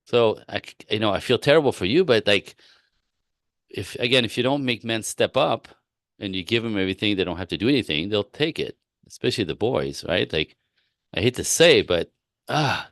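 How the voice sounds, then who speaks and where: During a live-stream talk, a man with a lowish, fairly bright, expressive voice coaches women on relationships at a moderate pace. He's blunt and emphatic, often repeats himself, and acts out both sides of conversations. The audio is studio quality, with no echo.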